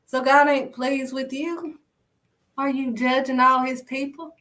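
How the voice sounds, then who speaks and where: A woman's voice: high voice, fairly even intonation, unhurried, a bit bright, recorded from a distance. A woman preaching informally in an emphatic, repetitive, conversational way. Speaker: faith video host.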